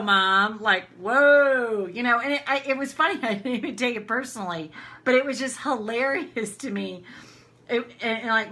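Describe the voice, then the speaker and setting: Middle-aged woman, bright and crisp, loose rambling coach chatting to a live audience. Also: medium pitch. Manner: chatty, rambling, laughs often, many restarts. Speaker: tapping coach hosting a live session. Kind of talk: casual live-stream talk to viewers.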